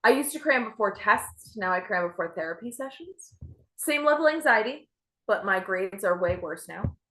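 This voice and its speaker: A young woman performs stand-up with a bright, crisp tone. She jokes dryly at her own expense in a deadpan way. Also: medium pitch, normal speed. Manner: self-deprecating, deadpan delivery. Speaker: stand-up comedian. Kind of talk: stand-up set.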